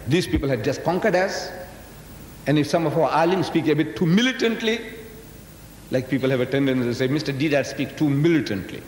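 A man's voice: fairly high pitch, lively intonation, a little fast, long pauses, a little hiss or hum. An older man from South Africa giving a public lecture to a live audience, folksy and teasing, often questioning his listeners directly. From South Africa, of Indian descent. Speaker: Islamic lecturer. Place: large lecture hall with audience. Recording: echoey hall, 1980s live recording.

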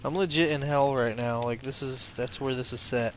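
A young man streams a horror game, giving casual let's-play commentary full of swearing, jumpy reactions and talking to himself. His voice is mid-range at normal speed, with a little hiss or hum in the recording.

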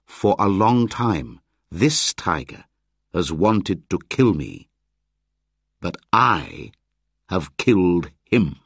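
A man voicing a bold young boy raised by wolves in a storybook reading, calling out in a high, excited voice. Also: very slow, pauses often, slightly rough, dry recording, studio quality, exaggerated voice. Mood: firm.

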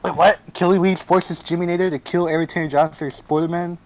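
Young dude narrating a hunger games sim, a bit high pitched, yelling when stuff surprises him. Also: male voice, fairly quick, muffled recording. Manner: excitable, laughing, swearing, shouting in surprise. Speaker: gaming video host. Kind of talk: reading out game events with a group.

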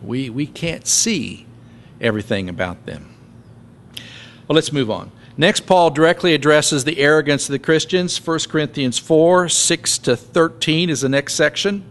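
A man pastor preaching a sermon in church, reading scripture aloud with lively, sarcastic emphasis. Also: a little high, measured pace.

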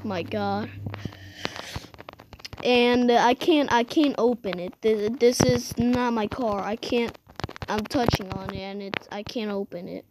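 A woman's voice: a little high, slow, background noise. A woman giving casual, rambling gameplay commentary, exclaiming often and restarting her sentences. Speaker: gamer.

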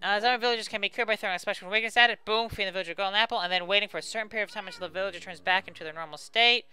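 A man's voice: high voice, very fast, bright, forceful tone, clear, resonant tone, faint music behind. A man hosting a casual let's play, chatting to viewers and poking fun at himself. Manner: chatty and self-mocking, talks to viewers.

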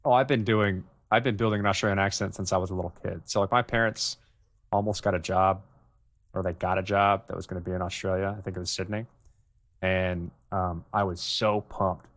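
A very low-voiced man hosts a podcast and talks loosely. He rambles through his points and laughs easily. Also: gravelly, a bit bright. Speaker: podcast host. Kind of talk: casual chat.

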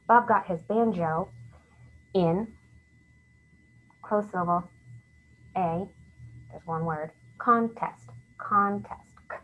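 A woman teacher walking young writers slowly through a literacy lesson, step by step, sometimes whispering the example sentences. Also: medium pitch, fairly bright tone, lo-fi sound, slight background noise.

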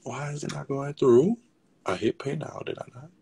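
A man hosting a casual gossip livestream, talking in a sassy, chatty, profane way with a raspy voice. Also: mid-range voice, normal speed, dark tone. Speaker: livestream host.

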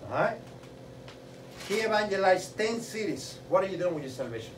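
A man preaching a sermon with fervor, repeating a rhetorical question and building up to shouting. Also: sits high, expressive, normal speed. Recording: roomy echo, mic at a distance, faint noise.

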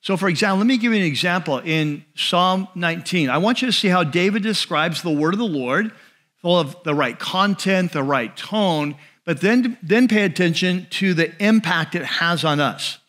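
A male pastor giving a sermon in a conversational way, slowing and dropping his voice on key phrases. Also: high-pitched, expressive, a bit bright. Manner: conversational preaching with restarts and asides.

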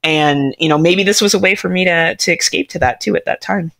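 A woman from Canada talks in a relaxed podcast interview. She tells stories with lots of laughter and a lively delivery. Her voice is bright and ringing. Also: on the low side, a little fast, vocal fry. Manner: laughing, animated storytelling. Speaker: podcast host. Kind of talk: casual interview chat.

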